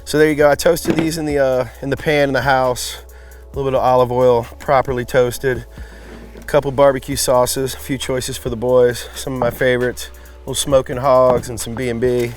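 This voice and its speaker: A man hosts a casual outdoor cooking vlog from a backyard smoker. He is upbeat and jokey, and he chats with friends as he hands out food. His voice sits in a middle range, with soft music playing behind him. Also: mid-range voice, flat delivery, normal speed. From New England. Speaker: host of a barbecue cooking channel.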